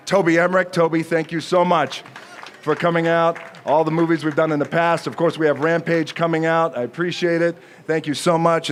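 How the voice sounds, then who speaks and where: A man's voice: fairly high pitch, a little hiss or hum. Man giving an off-the-cuff speech. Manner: off-the-cuff, joking, pausing often with fillers. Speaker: speaker at an outdoor honor ceremony. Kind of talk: unscripted acceptance speech. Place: outdoor ceremony with a crowd.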